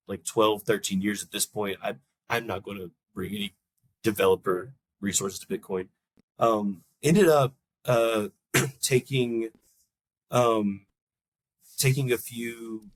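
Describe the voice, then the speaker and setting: A young man on a podcast, telling a long personal story in a fairly low voice. His talk wanders with restarts, and he acts out the people in the story with jumps up in pitch. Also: dry recording. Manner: animated storyteller, acts out quoted people in a raised voice; loose, rambling talk with many restarts. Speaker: podcast guest. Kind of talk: casual storytelling interview.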